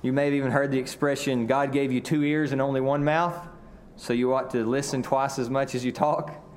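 A man from Arkansas with a Southern drawl, preaching a sermon earnestly, often repeating words and slowing down for emphasis. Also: mid-range voice, flat delivery, a little hiss or hum. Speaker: pastor.

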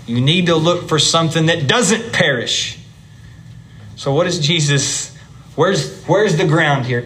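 A man's voice: on the high side, a little slow, a bit bright. Man teaching a Bible class. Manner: conversational, explains step by step, chatty with the class. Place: church classroom.

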